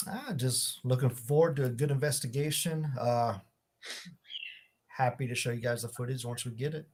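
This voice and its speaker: Male podcast guest, mid pitch, brief halting remarks, faint background noise. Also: a little mellow. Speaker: paranormal investigator. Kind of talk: casual podcast chat.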